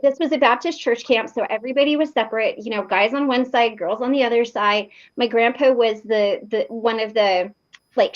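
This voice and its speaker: A woman telling a lively personal story in a casual online meeting, full of fillers and acted-out quotes. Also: fairly high pitch, dull audio. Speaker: recovery meeting participant. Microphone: video call.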